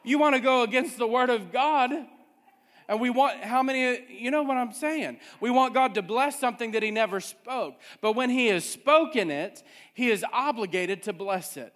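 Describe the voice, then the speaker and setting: A man preaches a sermon, pressing his points and circling back to the same refrain again and again. His voice sits fairly high for a man. The sound rings out with a long hall reverb. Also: lively intonation, moderate pace, fairly bright tone. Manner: emphatic preaching with repeated refrains. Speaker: pastor.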